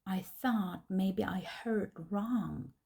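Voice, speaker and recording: Female narrator, learner storybook: very slow, dark and mellow, gravelly texture. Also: medium pitch. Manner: slow, clear, deliberate reading.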